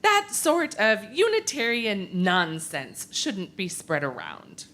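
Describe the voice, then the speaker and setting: A woman's voice: mid-range voice, sing-song, slow pace, a bit bright, exaggerated voice. A woman playing a prim, disapproving young lady from the 1800s who sniffs at gossip, in a told church story.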